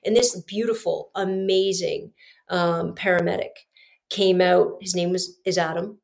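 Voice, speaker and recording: Speaking directly to her audience, a middle-aged woman who hosts a podcast confides a personal story with earnest sincerity. Her voice is on the low side, with a steady tone, an unhurried delivery, and vocal fry.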